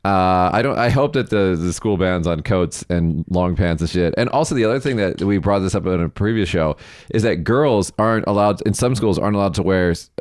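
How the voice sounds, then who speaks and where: A man co-hosts a casual news podcast in a fairly low voice, picked up close and dry. He comes across blunt and sarcastic and swears freely as he rants about the stories. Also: brisk, no room sound. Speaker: podcast co-host.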